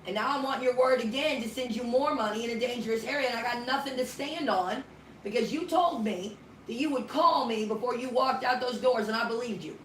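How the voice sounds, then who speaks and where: A woman's voice: on the high side, brisk. A woman ministry leader on a phone call, talking firmly and bluntly while pleading. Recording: roomy room, distant mic, faint noise.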